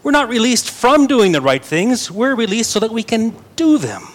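Speaking at normal speed in a very high, sing-song voice, this young pastor delivers a sermon. He reads scripture with earnestness while tossing playful asides to his congregation.

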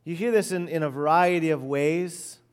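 A middle-aged man preaching an expository sermon, earnest and emphatic, often letting phrases fall soft and low at the end. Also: moderate pace, smooth. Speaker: pastor.

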